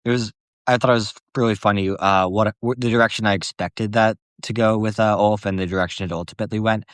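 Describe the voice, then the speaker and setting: A man's voice: lowish voice, fairly even intonation, fast talker, dry recording, clean studio sound. A man in a casual discussion, joking and swearing while he talks. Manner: joking, laughs often, swears.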